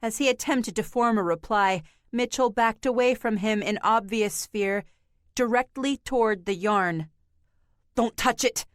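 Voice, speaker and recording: Slow, measured woman audiobook narrator. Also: fairly high pitch, no echo, clean studio sound. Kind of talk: scripted narration.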